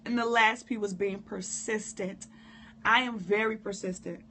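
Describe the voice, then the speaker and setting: A hoarse woman who coughs now and then, giving a candid, informal live-stream talk on prayer and speaking straight to her viewers. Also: medium pitch, fairly even intonation, unhurried, bright, forceful tone, slight background noise. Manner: candid, informal, preacherly direct address. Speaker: motivational speaker.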